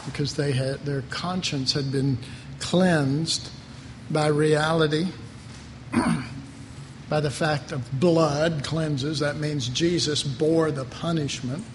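A middle-aged man preaches in a high voice, casual and rambling, often circling back over his own words. His voice carries a long hall reverb, with a faint wash of ambient noise under it. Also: steady tone, slow. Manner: rambling, conversational, repeats words. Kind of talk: sermon.

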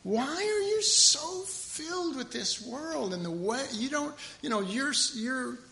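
A man voicing Jesus as a gently pleading grown man, earnest and halting. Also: very high-pitched, animated, creaky, voice pushed up, heavily acted.

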